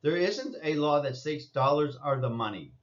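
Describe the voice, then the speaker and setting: A man's voice: fairly high pitch, animated, normal speed, lo-fi sound. A man giving an insistent lecturing monologue, repeating his points and scolding listeners. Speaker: commentator.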